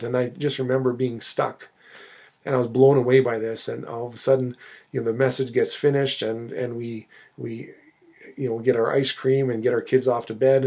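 A middle-aged man recounts his faith story in an earnest, unhurried way. His voice sits at an ordinary pitch, and he stops and restarts phrases as he searches for words. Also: vocal fry, a little mellow. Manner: earnest, halting, with many restarts and fillers. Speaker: church minister telling his testimony. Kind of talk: personal testimony, storytelling.

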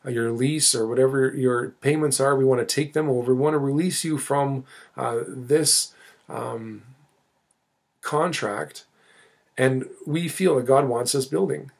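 A middle-aged man earnestly telling his personal faith testimony, halting often and restarting his phrases. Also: mid-range voice, creaky.

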